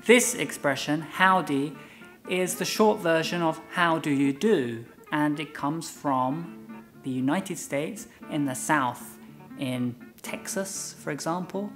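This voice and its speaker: A man's voice: fairly high pitch, takes it slowly, fairly bright tone, soft background music. A man teaching English in a casual lesson, explaining phrases through playful example scenes. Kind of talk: casual bilingual lesson chat.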